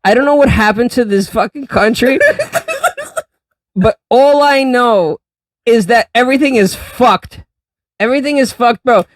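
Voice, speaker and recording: A man hosting a podcast, well into a few drinks, rambling and swearing with constant restarts. His voice sits high for a man. He is picked up a bit off-mic in a dry, dead room. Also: measured pace, pauses often, no room sound, recorded from a distance. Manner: loose, profane, rambling with restarts. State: drinking, tipsy. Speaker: podcast host. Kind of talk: casual drunk banter. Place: small studio room full of art.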